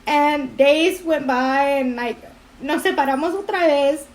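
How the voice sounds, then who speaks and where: Young woman vlogger, high voice, teary and crying, rambles with like like like. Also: measured pace. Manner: rambling, filler-heavy storytelling. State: tearful, crying. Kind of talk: casual confessional vlog.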